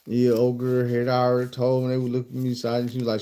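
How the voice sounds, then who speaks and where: A middle-aged man telling a story in a blunt, profane, animated way. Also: mid-range voice, fast. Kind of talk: casual storytime.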